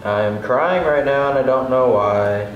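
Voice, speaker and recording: A man's voice: medium pitch, unhurried, muffled recording, faint music behind. A young man listening to a spirit box and reporting what he hears, rattled, swearing and emotional. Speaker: paranormal investigator. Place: large abandoned hospital, indoors at night. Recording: echoey hall, far from mic, noisy.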